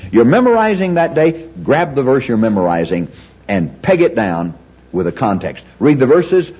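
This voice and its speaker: A man delivers a teaching sermon in a breathy, husky voice. He speaks emphatically and repeats phrases with the stress moved from word to word, his pitch rising and falling widely. The recording sounds dull and lo-fi. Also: a little mellow. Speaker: preacher teaching Bible study.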